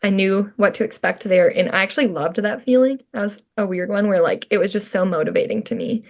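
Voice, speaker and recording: A woman's voice: mid-range voice, a little fast. Chatty woman telling a personal story. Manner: chatty, frequent "like" fillers, laughs often. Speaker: podcast guest; mother telling her birth story. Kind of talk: casual storytelling.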